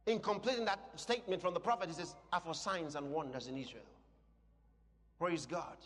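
A man preaching a sermon with passion, swinging between loud shouts and quieter asides. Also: a little high, fairly quick. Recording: long hall reverb.

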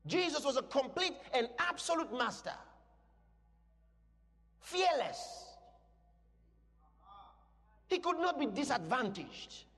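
High-voiced emphatic male preacher. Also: sing-song, slow pace, pauses often. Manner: emphatic, bursts into shouted declarations; asks the congregation questions. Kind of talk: sermon. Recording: long reverb in a large hall.

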